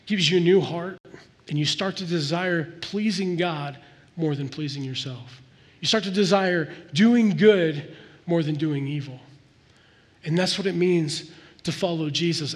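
A man preaches a sermon in an earnest, conversational way, now and then sinking to a soft, intense tone. His voice sits fairly high. The sound carries a long reverb, as in a large church hall. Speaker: pastor.

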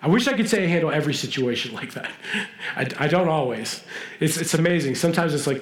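A man gives an earnest sermon in a church, pausing often and dropping from urgent to hushed. His voice sits a little high for a man. The room around him is echoey. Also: animated. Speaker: pastor.

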